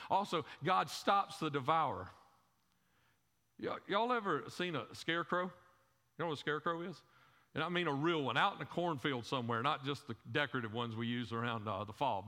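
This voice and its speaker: This pastor's voice sits a little high, bright and forceful, animated and slightly fast. He preaches to his congregation in a conversational way, tossing out rhetorical questions, frequently repeating words and using fillers, while the church hall echoes with long reverb.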